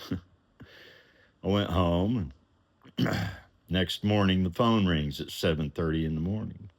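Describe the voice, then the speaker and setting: Deep-voiced man telling a personal story. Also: takes it slowly. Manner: animated, acts out the voices, chuckles while telling.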